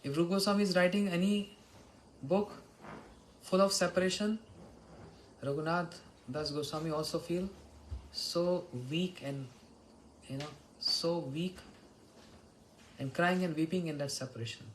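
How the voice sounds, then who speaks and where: A man's voice: fairly high pitch, steady tone, a little slow, long pauses, a little hiss or hum, rough recording. A man giving a devotional morning lecture, telling stories and chanting verses. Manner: storytelling, chants Sanskrit and Bengali verses. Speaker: spiritual teacher.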